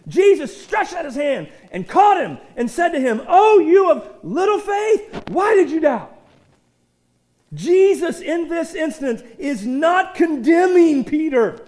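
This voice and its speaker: A man with a strikingly high voice delivers a lively sermon. He often stumbles over repeated words, then drives points home with sudden loud emphasis. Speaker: pastor.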